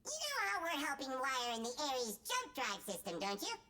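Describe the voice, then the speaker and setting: A man's voice: very high voice, wildly swooping pitch, normal speed, sharp tone, exaggerated voice. An actor playing a brash alien worker with a New York accent, his voice heavily filtered. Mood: breezy. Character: brash fast-talking male alien worker. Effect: heavy voice filter.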